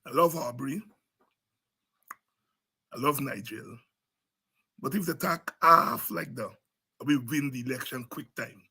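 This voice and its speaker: A man's voice: mid-range voice, takes it slowly, pauses often, sharp tone, slightly rough. A man with a Guyanese Creole accent giving fiery, preaching political commentary as a show host, repeating himself and sliding into Creole.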